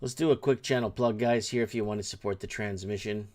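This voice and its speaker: A man's voice: fairly low pitch, quick pace, darkish tone. A middle-aged man hosting a livestream show, talking casually in a rambling, blunt way and swearing freely.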